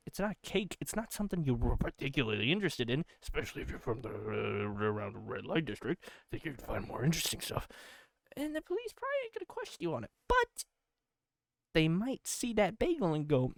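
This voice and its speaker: A sleepy man hosts a comedy podcast, rambling through an absurd monologue and tripping over repeated words. His pitch jumps around with lively swings. The recording is dry and close, with no room in it. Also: fairly quick, creaky, no echo. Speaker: podcast host.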